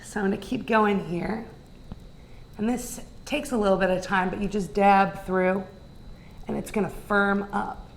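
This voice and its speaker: A woman's voice: medium pitch, fairly even intonation, measured pace, a little hiss or hum. A woman teaching artist who explains a technique patiently, one step at a time. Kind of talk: instructional explaining.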